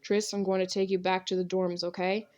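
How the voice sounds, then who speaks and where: A woman voicing a stern young male combat instructor who speaks in a low, steady, quietly commanding way. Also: a little fast, natural voice. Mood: calm firm.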